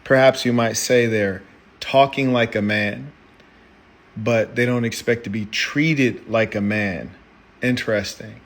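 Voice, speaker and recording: A man argues in a live debate with formal, carefully chosen words. He speaks in a measured way and frames his points precisely. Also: mid-range voice, steady tone. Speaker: debate guest.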